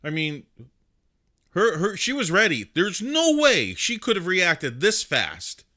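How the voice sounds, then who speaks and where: Guy hosting a livestream, lively voice that swings up and down, lots of ums and restarts. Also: high-pitched, slow. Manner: animated, chatty, with frequent fillers and restarts. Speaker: livestream host. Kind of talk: casual commentary on news videos.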